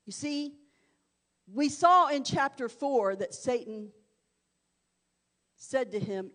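A woman delivers a sermon in a high voice. She talks with dramatic swings, dropping to a hush and then rising to fervent shouting. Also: animated, slow, pauses often. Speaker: preacher.

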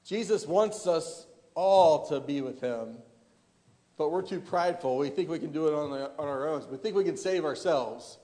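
Preaching at normal speed, this man has a fairly high, mellow voice that rings with long reverb through the church hall. He often begins his phrases again and asks the congregation rhetorical questions.

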